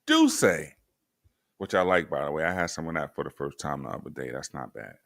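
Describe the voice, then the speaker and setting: A man's voice: a bass voice, expressive, a little fast, vocal fry, fairly bright tone, no echo, studio quality. A man hosting a casual podcast chat, laid-back and slangy, joking as he talks. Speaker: podcast host. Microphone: remote stream mic.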